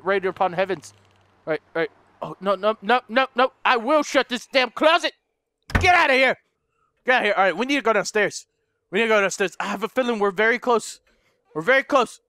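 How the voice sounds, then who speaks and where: A young man with a high, bright, ringing voice, talking through a game in a frantic rush. He yells, swears and laughs at what happens on screen, then drops into low muttering while planning his next move. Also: no echo. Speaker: gaming YouTuber. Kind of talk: let's play commentary.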